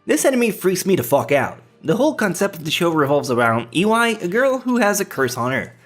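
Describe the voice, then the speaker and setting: A man from France with a clear French accent runs a scripted countdown commentary. His pitch swings widely, and he talks in a cheeky, mocking way with casual swearing. Faint music sits under his voice. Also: very animated, a little fast. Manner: cheeky, swears, teasing jokes. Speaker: anime list host.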